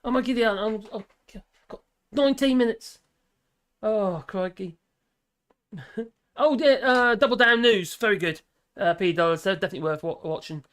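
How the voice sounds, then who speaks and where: A man's voice: high voice, normal speed, pauses often, a bit bright, clear, resonant tone. A man hosting a live stream in casual chat, rambling, laughing often and trailing off mid-sentence.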